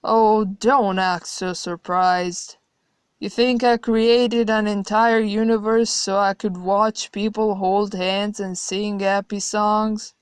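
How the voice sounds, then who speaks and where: A woman's voice: fairly low pitch, level tone, slow pace, darkish tone, clean tone, no room sound. A woman reading a horror story, voicing an old white-haired godlike man who talks in a teasing, flippant way. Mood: mocking. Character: old white-haired male godlike being, mocking and cruel.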